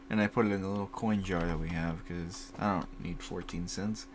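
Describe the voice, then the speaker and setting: A man's voice: medium pitch, animated, a little fast, hardly any pauses. A young man in his twenties hosting a casual solo chat, rambling and laughing often, with casual swearing, on a desk mic at home. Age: 20s. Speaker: podcast host. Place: home recording setup by a computer. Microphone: desk mic set higher, farther from computer.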